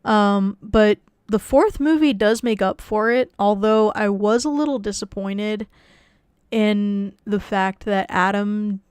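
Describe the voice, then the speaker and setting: A woman voice actress chatting casually on a livestream, rambling with frequent restarts and soft laughs. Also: medium pitch, slow, smooth, no echo, studio quality. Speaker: voice actress and streamer.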